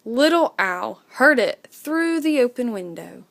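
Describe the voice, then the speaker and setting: Expressive woman reading a children's story. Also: on the high side, a little slow, creaky. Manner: expressive, with acted sound effects.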